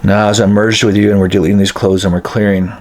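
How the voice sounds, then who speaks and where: A man who is a spiritual healer, leading a guided energy-healing session. He speaks slowly and deliberately, with frequent ums and repeated chanted phrases. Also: fairly low pitch, level tone, darkish tone.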